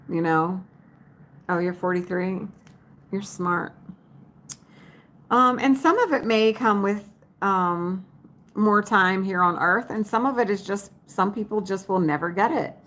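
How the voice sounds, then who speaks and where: A woman's voice: lowish voice, slight background noise. A woman chatting casually to her viewers as a vlogger, folksy and talkative, calling them y'all. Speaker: vlogger talking to live viewers. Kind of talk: casual livestream chat.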